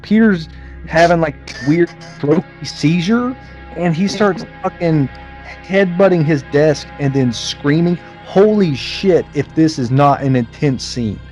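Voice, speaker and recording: A man's voice: fairly high pitch, unhurried, darkish tone, faint music behind. A man co-hosting a podcast, bluntly retelling movie scenes with plenty of swearing. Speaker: podcast co-host. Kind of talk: casual movie recap chat.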